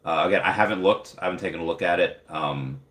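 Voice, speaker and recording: A young man with a very low voice chats loosely on a livestream, rambling and packing his talk with fillers as he answers viewers. His voice carries a roomy echo off the walls around him. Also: fast talker, a bit bright. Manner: rambling, filler-heavy, upbeat. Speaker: livestream host. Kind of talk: casual live chat reading viewer comments.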